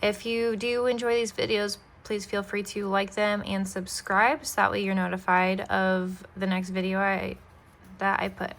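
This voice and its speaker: Bright-voiced woman reading a children's book. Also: mid-range voice, level tone, measured pace, vocal fry. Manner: friendly, apologizes for slips. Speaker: storyteller, channel host.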